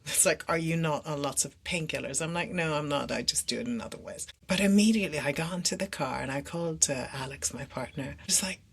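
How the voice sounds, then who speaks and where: Female podcast guest, somatic coach, low-set voice, animated storyteller who quotes herself. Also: brisk, vocal fry, few pauses, slightly rough. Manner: animated, acts out her own dialogue, laughs between phrases. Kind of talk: candid personal storytelling.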